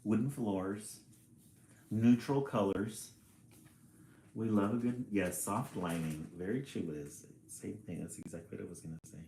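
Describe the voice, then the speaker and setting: A man reading a picture book aloud on a livestream, chatty and quick to laugh, greeting viewers between pages. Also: fairly low pitch, dark tone, slight background noise. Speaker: storyteller and livestream host. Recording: roomy echo.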